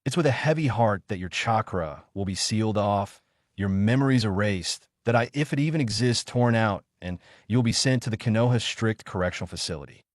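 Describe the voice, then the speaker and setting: A man voicing a stern, weary old male village leader with a deadpan manner. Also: fairly low pitch, a little fast, dry recording, clean studio sound, lightly acted.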